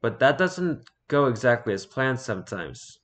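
A man reading online stories aloud in a casual, halting way, stumbling over words and breaking off to comment. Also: mid-range voice, very animated, a bit bright. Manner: reads haltingly, stumbles and repeats words, then comments offhand.

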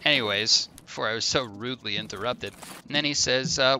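Bright-voiced man telling a long joke. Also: mid-range voice, a little hiss or hum. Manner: laughs often, drawn-out joke delivery, teasing. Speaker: streamer. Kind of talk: casual gaming chat with a long told joke.

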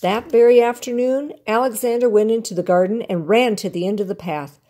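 An older woman, a grandmother, reading a children's picture book aloud in an expressive, animated way. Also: fairly high pitch, fairly quick. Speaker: storyteller grandmother.

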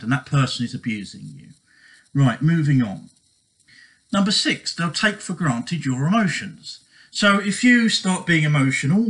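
A man's voice: a little high, fairly bright tone, rough recording. A man giving relationship advice in a casual monologue, earnest and repetitive, often checking in with "okay?".

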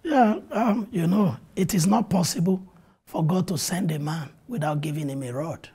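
A man in a TV studio interview shares his experiences as a pastor. His voice is dark and mellow with a strongly husky, raspy grain. He preaches earnestly, quoting scripture and retelling events with animation. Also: high-pitched, normal speed. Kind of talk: testimony in a TV interview.

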